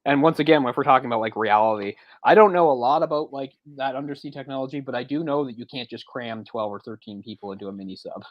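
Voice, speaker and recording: A man's voice: mid-range voice, fast, hardly any pauses, no echo, muffled recording. Chatty man rambling in a dry room. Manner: chatty, rambling retelling with frequent restarts and chuckles. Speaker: podcast co-host. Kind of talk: casual movie discussion chat.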